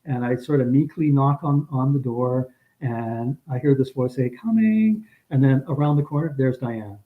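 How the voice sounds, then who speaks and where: Speaking as a guest, a man casually recounts something from his own life, circling back with repeated words and frequent restarts until emotion creeps in. His mid-range voice stays fairly even at a moderate pace, and the lo-fi recording sounds dull.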